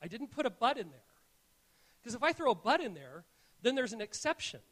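A man with a notably high voice delivers a sermon to his congregation. He speaks earnestly and tells stories as he goes, and his phrases often stumble and restart. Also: sing-song, fairly quick, fairly bright tone. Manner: earnest, storytelling, frequent restarts. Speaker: pastor. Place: church.

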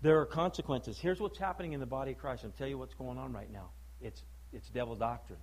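A male preacher giving a sermon, emphatic and full of rhetorical questions, swinging between loud declaiming and low, quiet stress. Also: fast, hardly any pauses, low-quality recording.

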